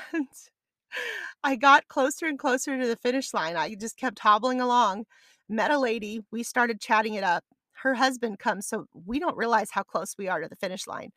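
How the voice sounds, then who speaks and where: A woman in her thirties hosting a podcast, telling a personal story in a casual, animated way and acting out the voices in her quotes. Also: mid-range voice, no echo. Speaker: podcast host.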